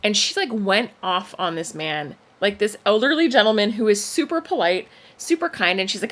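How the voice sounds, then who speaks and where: Podcast co-host, a woman, lively storytelling, mid pitch, casual. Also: moderate pace, hardly any pauses. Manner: animated storyteller with frequent pitch swings. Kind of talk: casual chat.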